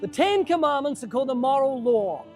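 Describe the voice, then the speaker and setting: A man's voice: very high voice, animated, brisk, a little mellow, soft background music. A man preaching one-on-one to a stranger in an earnest, urgent way, often calling him by name. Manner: addresses the listener by name. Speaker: street evangelist.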